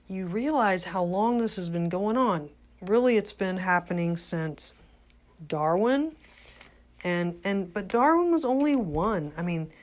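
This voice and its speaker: An older woman giving an earnest, unscripted religious talk, halting with frequent restarts. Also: on the low side, darkish tone. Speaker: religious commentator.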